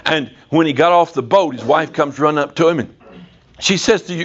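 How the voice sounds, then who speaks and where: A man preaches a sermon to a church congregation in a folksy, storytelling way, rising to sudden emphatic bursts. His voice is husky and sits fairly high. The recording is dull and lo-fi. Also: brisk.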